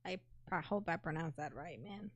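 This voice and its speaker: A woman's voice: sits low, animated, moderate pace, no room sound, dull audio. A woman co-hosting a casual podcast chat, playful and laughing often as she tries out foreign pronunciations. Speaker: podcast co-host.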